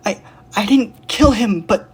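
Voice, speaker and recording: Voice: medium pitch, very slow, slightly rough, voice pushed up, exaggerated voice. A storyteller voicing a grieving, haunted female knight who confesses before a crowd. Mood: pleading confession.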